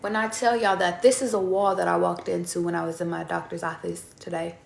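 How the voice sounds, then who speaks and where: A woman's voice: on the low side, flat delivery, fairly quick, gravelly, a little hiss or hum. A young woman tarot reader talking casually to her viewers, chatty and swearing freely. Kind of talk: casual spiritual talk to viewers. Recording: echoey room.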